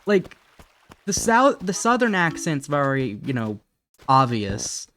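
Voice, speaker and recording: A man's voice: fairly high pitch, sing-song, slow, bright, forceful tone, faint music behind. A man in his twenties from Ohio with a subtle Ohio accent, rambling and swearing freely in casual chat as a streamer playing a game. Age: 20s. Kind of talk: casual chat while gaming.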